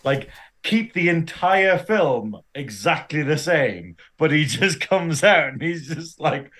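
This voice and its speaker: A man's voice: a little high, big pitch swings, slow pace, a bit bright. A man co-hosting a podcast in casual chat, laughing often and swearing freely. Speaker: podcast co-host.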